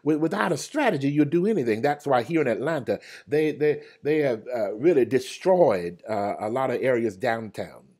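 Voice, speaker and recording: A man preaching a livestreamed Bible study. He repeats his phrases and calls out to his viewers by name, and his voice swings from loud cries to hushed murmurs. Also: medium pitch, animated, moderate pace, few pauses. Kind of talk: livestreamed sermon.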